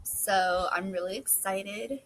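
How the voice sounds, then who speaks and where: A young woman chatting casually and rambling on her front porch, a little hoarse from losing her voice. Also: medium pitch, takes it slowly, fairly bright tone, a little hiss or hum, rough recording. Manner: chatty, rambling, self-deprecating. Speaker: book vlogger. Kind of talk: casual chat. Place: covered front porch outdoors. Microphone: phone camera.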